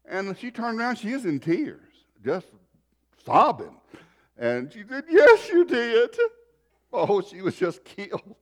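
A man preaching a sermon, telling a folksy personal story and shifting between loud and soft. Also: high-pitched, big pitch swings, a little slow. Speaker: pastor.

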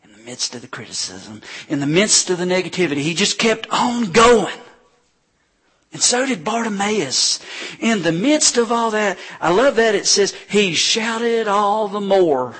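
A male pastor preaches, telling scripture stories with lively animation and bursts of acted-out crowd voices. His voice sits a little high for a man and has a husky edge. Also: a little slow. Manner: animated storytelling preacher, acting out crowds with shouts. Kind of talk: sermon.

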